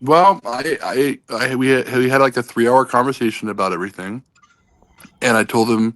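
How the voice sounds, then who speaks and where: A man with a bright, forceful voice rambles through a casual online panel chat, swearing freely and restarting his sentences. The sound is dry and close, as over a video call. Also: medium pitch, normal speed, no echo. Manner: rambling, profane, many restarts. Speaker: panel guest.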